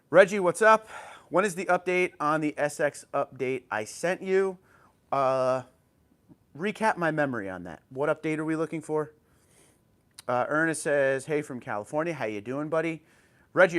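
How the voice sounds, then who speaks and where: A man's voice: medium pitch, a bit bright. A man hosting a casual livestream from home on an old tablet, greeting viewers by name and reading their comments aloud. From New Jersey. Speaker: livestream host.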